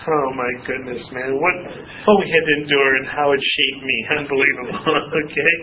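A man's voice: medium pitch, fairly even intonation, moderate pace. A man preaching informally to his church class, chatty and laughing often as he acts out quotes. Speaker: pastor teaching a Bible class. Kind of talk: informal sermon with anecdotes. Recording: distant tinny phone-like audio, faint noise.

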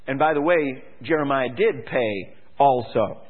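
A man preaching a sermon, reading scripture and urging listeners to repent, with emphatic delivery. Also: a little slow. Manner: emphatic, rises high when mimicking complacent people. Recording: phone-like lo-fi radio broadcast.

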